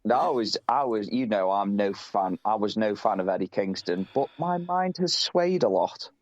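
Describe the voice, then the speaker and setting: A man's voice: lowish voice, expressive, normal speed, highs cut off. Sweary British man, chatty. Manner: swears a lot, rambling, laughs easily. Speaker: podcast co-host. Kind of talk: casual chat.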